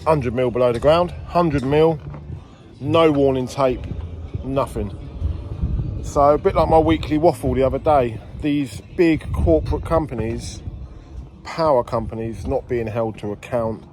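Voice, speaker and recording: A man's voice: mid-range voice, a little slow, darkish tone, a little hiss or hum. A man chatting casually on an outdoor work site as he vlogs about his landscaping business, bantering and rambling. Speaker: vlogger, landscaping business owner. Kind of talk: casual on-site vlog chat.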